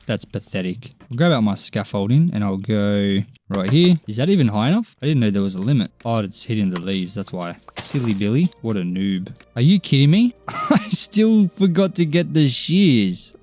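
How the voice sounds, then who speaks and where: A man's voice: lowish voice, warm tone. A young man giving casual, upbeat gameplay commentary, chatty and poking fun at himself. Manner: chatty, upbeat, self-mocking. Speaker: gaming YouTuber.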